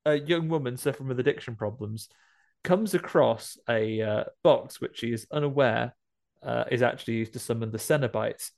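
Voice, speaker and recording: A man's voice: medium pitch, moderate pace, gravelly, a little mellow. A man co-hosting a podcast, joking and laughing in casual chat. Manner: jokey, laughs often. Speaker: podcast co-host.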